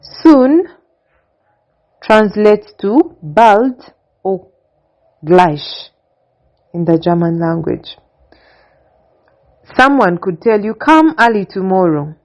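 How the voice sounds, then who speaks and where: A woman giving a slow, deliberate language lesson, stating each phrase and then its translation in a steady, patterned way. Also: medium pitch. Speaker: language teacher. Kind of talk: slow instructional narration. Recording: dull lo-fi recording.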